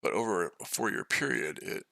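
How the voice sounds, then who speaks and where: Tired male trading-stream host: deep, sharp-edged, casual commentary. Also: big pitch swings, moderate pace, vocal fry, no room sound. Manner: matter-of-fact, casual. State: tired from no sleep. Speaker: day trader and stream host.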